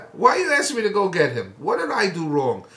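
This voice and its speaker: A man's voice: high-pitched, huge pitch swings, fairly quick, bright, forceful tone, far from the mic, full character voice. A man voicing a frightened male royal servant who protests in a pleading, panicky way. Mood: alarmed. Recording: echoey room.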